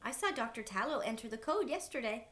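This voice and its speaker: A woman's voice: fairly high pitch, animated, brisk, fairly bright tone, pitched above the performer's own voice. A woman voicing a sassy, confident young schoolgirl for a read-aloud storybook.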